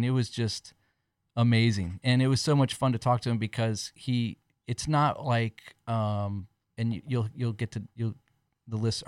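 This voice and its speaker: A chatty man hosts a casual podcast, laughing often and rambling through restarted sentences. His voice sits a little low, recorded dry and close with almost no room sound. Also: a little mellow, no echo. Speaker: podcast host.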